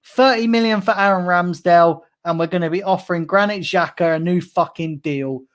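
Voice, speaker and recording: Furious sweary football fan ranting. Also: male voice, high voice, a little fast, a little hiss or hum. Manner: angry, sweary, sarcastic ranting. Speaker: football fan channel host. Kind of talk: live-streamed fan rant.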